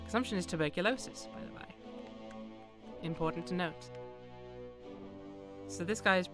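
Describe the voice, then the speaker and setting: Over music, a young woman streamer with a lowish voice speaks at normal speed. She gives casual, joking commentary while playing a game, wryly talking both to herself and to her chat.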